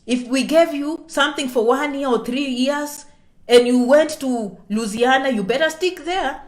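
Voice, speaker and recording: Woman, slightly high voice, chatty explainer who drops to a whisper on sensitive points. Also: a little slow. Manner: checks in with "okay?" constantly; animated, swings between loud and soft. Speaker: immigration vlogger. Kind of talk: casual explainer to viewers.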